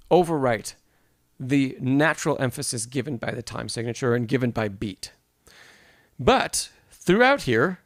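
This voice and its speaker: A man's voice: medium pitch, no room sound. A man leads a live-streamed piano masterclass in a mid-range voice. He explains notation step by step, reads questions from the chat and answers them, and sings rhythms aloud to show a point. The sound is close and dry, with no room around it. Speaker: piano teacher.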